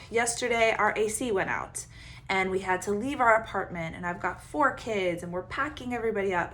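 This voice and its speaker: A woman coach giving casual self-help advice, animated and quick to laugh as she acts out her own inner voice. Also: medium pitch, slight background noise. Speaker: Enneagram coach, podcast host.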